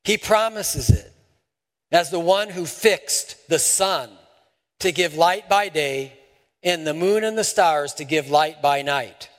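Preacher guy, slow and emphatic, kinda high voice, repeats words, big hall echo. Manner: emphatic, repeats words for stress, swings loud and soft. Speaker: pastor. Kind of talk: sermon with closing prayer.

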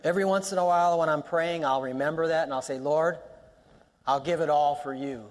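A man's voice: on the high side, fairly even intonation, fairly quick. A male pastor preaching a sermon, emphatic, repeating lines for stress and weaving in personal stories. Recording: long reverb of a large hall.

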